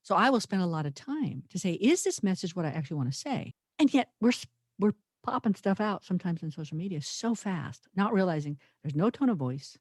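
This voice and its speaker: A woman's voice: fairly low pitch, big pitch swings, fairly quick, darkish tone, no room sound, clean studio sound. A woman co-hosting a podcast, talking in an earnest, thoughtful, emphatic way and often restarting her sentences. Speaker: podcast co-host. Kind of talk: reflective podcast conversation.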